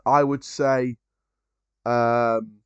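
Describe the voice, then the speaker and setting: A man talking loosely through a live football watchalong, giving opinions as the game goes on. His voice sits in a middle pitch, and the recording is dry and slightly dull, like a modest home mic with no room sound. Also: little pitch movement, extremely slow, clear, resonant tone, dry recording. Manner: casual, chatty, opinionated, frequent ums and restarts. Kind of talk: live match watchalong commentary.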